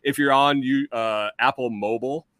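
A man's voice: medium pitch, fairly even intonation, moderate pace, fairly bright tone, no echo, low-quality recording. A man appearing as a guest on a podcast, chatting in a laid-back, rambling way with some swearing. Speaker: guest, full-time RVer channel creator. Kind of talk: casual conversation.

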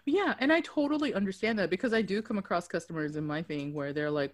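A woman's voice: mid-range voice, quick pace, no room sound. A woman co-hosting a casual podcast, swearing freely and acting out the people in her stories. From Dallas–Fort Worth area, Texas. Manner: profane, animated storyteller who acts out quotes. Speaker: podcast co-host. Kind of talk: casual chat.

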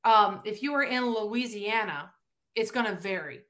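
A woman's voice: medium pitch, normal speed. A woman from Tennessee with a Southern accent, chatting as a podcast guest and acting out the quotes she tells. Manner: animated storyteller, acts out quotes. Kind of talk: casual interview chat.

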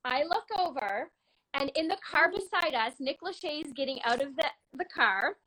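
This is a woman from Canada, around her thirties, telling a story in a loose, chatty way. Her voice sits high and sounds bright and forward. She gets animated, laughs easily, and bursts into shouts when she acts out the scene. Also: normal speed, poor audio. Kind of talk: casual storytelling.

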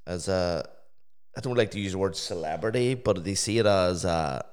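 A man with a very deep, smooth voice talks casually and animatedly. He fills his sentences with fillers and often laughs as he goes. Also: moderate pace, a little mellow. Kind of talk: casual chat.

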